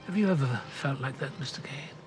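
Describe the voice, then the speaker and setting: An actor over sixty playing an older lord who tells old secrets in a grave, measured way, heard in a movie clip. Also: male voice, medium pitch, lightly acted. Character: old English lord telling secrets, solemn. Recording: movie clip with music underneath.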